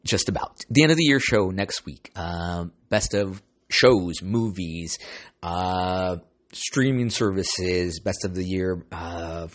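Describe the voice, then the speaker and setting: A man's voice: sits low, slow. A man in his forties hosting a casual solo podcast, telling rambling stories with swearing and lots of "dude.". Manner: rambling storytelling, swears, calls listeners "dude". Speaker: podcast host.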